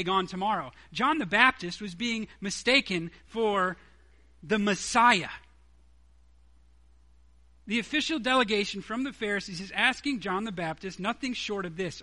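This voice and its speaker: A man's voice: sits high, bright, forceful tone. A man preaching a sermon, emphatic, acting out quoted dialogue from the story.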